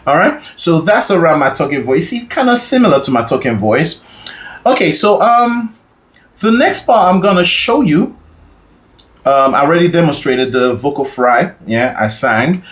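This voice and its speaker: A man with a fairly high speaking voice, teaching a singing lesson. He explains patiently in an instructional tone and keeps checking that his listeners follow along. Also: animated, moderate pace, fairly bright tone. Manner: explains patiently, often checks in with "all right?".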